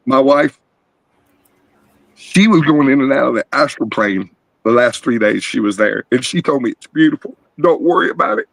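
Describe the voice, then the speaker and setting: A middle-aged man calling in as a guest on an open video call panel tells a rambling personal testimony, earnest and animated. His voice is fairly high, slightly rough, with vocal fry, in a low-quality recording without echo.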